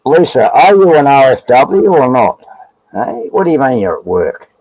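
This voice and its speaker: A man's voice: mid-range voice, sing-song, normal speed, no echo, highs cut off. A man with an Australian accent, chatting as a guest on a live stream, rambling and joking with frequent laughs. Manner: rambling, jokey, laughs often. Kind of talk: casual live stream banter.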